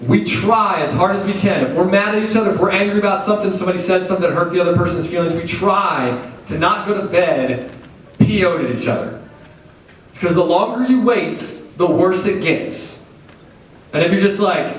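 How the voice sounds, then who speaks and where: A man in his thirties giving an animated, jokey sermon, acting out what people say. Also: high-pitched, fairly quick, a little hiss or hum. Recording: echoey hall, far from the mic.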